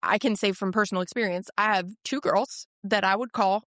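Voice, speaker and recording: Female podcast host, lively conversational delivery, dry studio sound. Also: fairly quick, no room sound. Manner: animated, acts out quoted voices with pitch jumps. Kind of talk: casual interview chat.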